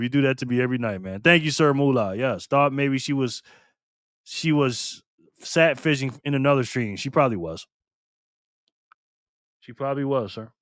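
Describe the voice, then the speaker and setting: A man's voice: mid-range voice, fairly bright tone, dry recording, studio quality. A man hosting a casual live stream, reading viewer comments aloud in a playful, teasing way and laughing often.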